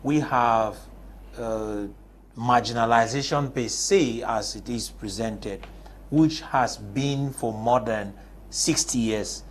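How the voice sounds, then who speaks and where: A man's voice: medium pitch, slow, a little hiss or hum. A man from Cameroon, speaking as a panelist on a TV discussion and pressing his case with rhetorical questions. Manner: emphatic, argues with rhetorical questions. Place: TV studio.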